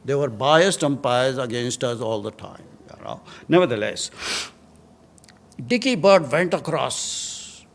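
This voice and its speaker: Older Indian man telling lively anecdotes. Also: sits high, slow. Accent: Indian English. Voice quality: lively storyteller, chuckles often at his own tales. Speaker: guest speaker. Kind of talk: anecdotal talk to students.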